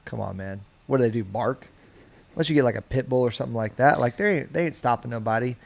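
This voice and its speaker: Podcast guy arguing his point, persuasive, leans on dramatic pauses, mid-pitched voice. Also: gravelly. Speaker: podcast co-host. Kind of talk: casual mock debate.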